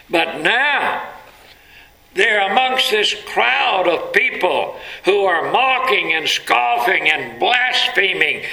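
A male preacher speaking slowly and deliberately, his voice gravelly and sharply bright. He tells the story dramatically, climbing to emphatic peaks. The sound carries the echo of a large room. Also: fairly high pitch, expressive. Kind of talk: sermon. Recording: echoey room.

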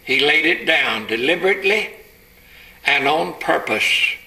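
A gravelly, bright-toned preacher man. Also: fairly high pitch, animated, measured pace, rough recording. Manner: dramatic, rising to shouted climaxes. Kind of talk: dramatic sermon storytelling.

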